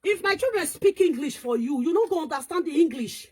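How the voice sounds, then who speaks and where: Woman, Nigerian Pidgin accent, high voice, animated scolding commentary, code-switching. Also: brisk. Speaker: online commentator. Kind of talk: casual ranting commentary.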